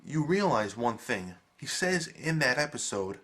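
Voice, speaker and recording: A man giving a casual video review, animated and emphatic, swearing freely. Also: medium pitch, measured pace.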